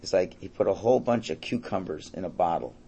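Gravelly-voiced man telling Hasidic stories. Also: deep voice, lively intonation, fast talker, dark tone, a little hiss or hum. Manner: storytelling, conversational, quotes characters. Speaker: rabbi teaching a class. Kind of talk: Torah class with Hasidic stories.

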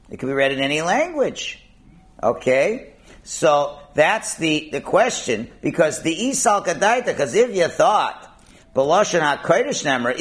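A man explaining a Talmud passage, asking and answering his own questions and mixing in Hebrew and Aramaic terms. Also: on the high side. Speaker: Talmud teacher.

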